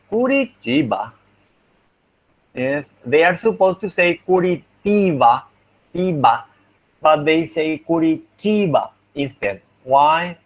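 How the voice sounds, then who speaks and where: A man's voice: fairly high pitch, a bit bright. A young man teaching a linguistics class, patiently going over exam answers and thinking aloud as he explains. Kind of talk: online class feedback lecture.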